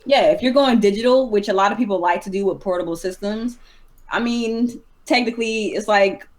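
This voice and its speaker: A woman hosting a casual gaming podcast, talking in a chatty, animated way and sounding exasperated at times. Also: medium pitch, fairly quick. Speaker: podcast host.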